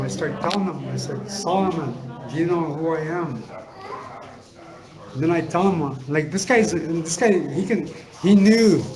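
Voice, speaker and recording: Halting middle-aged man telling his story. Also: fairly high pitch, low-quality recording. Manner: halting and repetitive, circling back with fillers. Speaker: speaker sharing a personal story. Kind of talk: personal storytelling talk. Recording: crowd noise audible behind.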